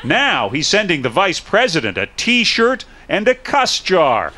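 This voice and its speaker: A man narrating a news report in a wry, lively tone. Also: high-pitched, unhurried.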